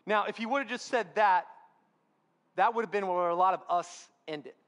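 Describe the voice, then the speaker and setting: A man preaching a sermon in a church, telling a Bible story with lively, acted-out dialogue. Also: high voice, moderate pace. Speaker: pastor.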